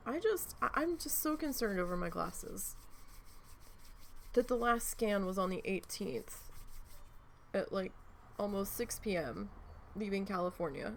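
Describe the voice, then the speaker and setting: A woman's voice: medium pitch, lively intonation, a little slow, pauses often, slight background noise. A young woman chatting at home while she needle felts, telling rambling stories and swearing freely. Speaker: crafting vlogger. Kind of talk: casual chat while needle felting. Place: home, indoors.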